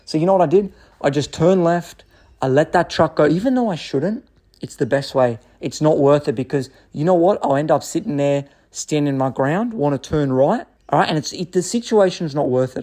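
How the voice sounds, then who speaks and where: A young Australian man telling road rage stories in a profane, rambling, animated way. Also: fairly high pitch. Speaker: storyteller. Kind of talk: casual storytelling rant.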